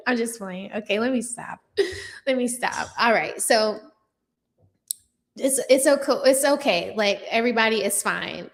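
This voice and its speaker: Speaking a little slowly in a fairly high voice, a young adult woman comments on the news during a casual livestream. Her chat with viewers is sassy, profane, and thick with fillers.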